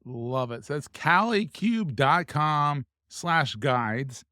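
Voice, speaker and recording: A man's voice: a little high, lively intonation, slow, sharp tone, smooth, no room sound, studio quality. Enthusiastic male podcast host. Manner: enthusiastic, casual, praising. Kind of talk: podcast interview.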